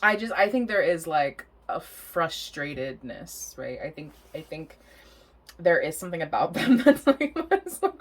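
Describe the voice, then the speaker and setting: Young woman tarot reader, low register, very lively pitch, rambling and giggly, casual swearing. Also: a little slow. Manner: chatty, rambling, laughs often, swears casually.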